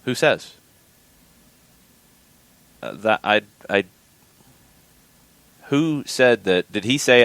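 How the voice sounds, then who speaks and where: Man, very low voice, podcast host, measured, repeats phrases, dry sound. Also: animated, creaky, a bit bright, smooth, no echo. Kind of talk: casual podcast commentary.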